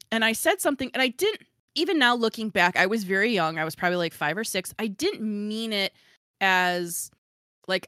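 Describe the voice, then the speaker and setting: A woman's voice: medium pitch, sharp tone, dry recording, clean studio sound. Rambling, giggly woman podcast host. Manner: rambling, self-deprecating, giggly. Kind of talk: casual chat.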